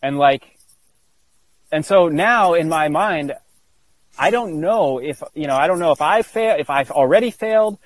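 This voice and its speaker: A man as an interview guest, telling a personal story earnestly, halting with many restarts and fillers. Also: on the high side, animated, rough recording.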